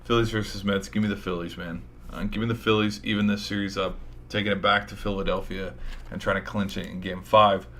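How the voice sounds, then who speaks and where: Low bright-voiced man hyping sports picks. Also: flat delivery, fairly quick, a little hiss or hum. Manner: rambling, hyped, casual with mild swearing. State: tired, voice giving out. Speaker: sports show host. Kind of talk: casual sports predictions.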